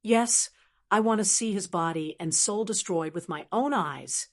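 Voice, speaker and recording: A woman's voice: medium pitch, a little slow, lightly acted. A woman voicing a vicious male cultivator who wants his enemy destroyed.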